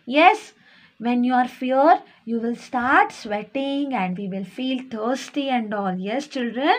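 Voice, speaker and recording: Slow high-voiced woman teacher. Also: lively intonation. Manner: explains words, asks the children "okay?". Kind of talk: reading a story lesson to young children.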